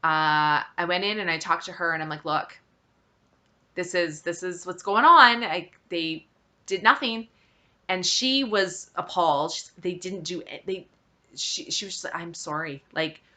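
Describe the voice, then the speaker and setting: A woman's voice: medium pitch, bright, forceful tone. A woman vlogger telling a personal story in a casual way, acting out bits of dialogue, with lots of fillers. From Saskatchewan, Canada. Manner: retells events with quoted dialogue, many fillers.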